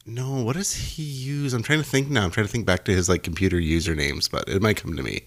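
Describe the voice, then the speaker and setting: A man's voice: fairly low pitch, quick pace, fairly bright tone. A man co-hosting a podcast in casual chat, joking around with playful wordplay. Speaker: podcast co-host.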